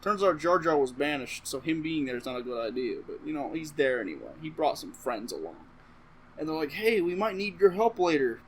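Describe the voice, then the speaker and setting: A man's voice: mid-range voice, expressive, fairly quick, fairly bright tone, slight background noise, low-quality recording. A man casually rambling through a comedic movie recap to camera, swearing freely and interrupting himself with asides. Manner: profane, offhand and rambling, with self-interrupting asides. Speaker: comedic vlogger.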